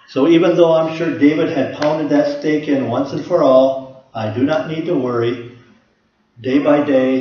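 A man preaching a sermon to a congregation, earnest and steady, asking rhetorical questions. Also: mid-range voice, a little hiss or hum. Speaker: pastor. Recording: echoey room, slightly dull sound.

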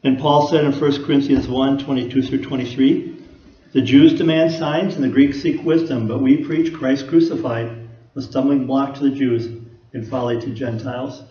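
A man's voice: medium pitch, fairly even intonation, normal speed. A man preaching a sermon in a folksy, conversational way, often asking the listeners rhetorical questions. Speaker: pastor. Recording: echoey room, dull lo-fi sound.

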